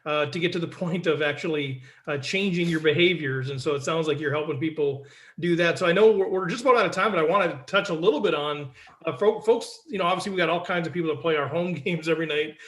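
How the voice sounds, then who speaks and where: A man with a slightly high voice hosts a podcast in a relaxed, joking manner. His voice bounces around an echoey room. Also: fast talker. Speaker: podcast host. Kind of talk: casual interview chat.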